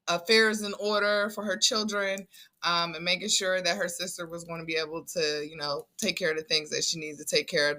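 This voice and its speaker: A woman's voice: mid-range voice, bright, forceful tone. A woman hosting a reaction channel, chatting casually with frequent fillers. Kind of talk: casual commentary.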